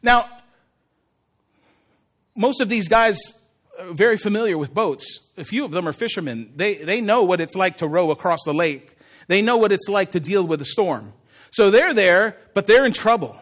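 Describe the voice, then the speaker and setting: A male pastor preaching a sermon with animated, humorous storytelling. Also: high voice, moderate pace.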